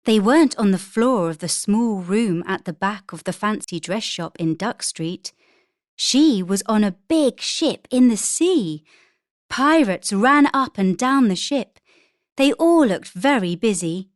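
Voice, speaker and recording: A woman reading a children's storybook aloud in a clear, expressive way. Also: medium pitch, measured pace, no echo, studio quality. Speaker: story reader.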